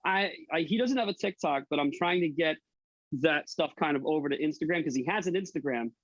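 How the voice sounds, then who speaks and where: A man's voice: on the high side, fast talker, a bit bright, no room sound, highs cut off. A man who laughs often and swears freely in casual chat. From New England. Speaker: guest, TikTok cook.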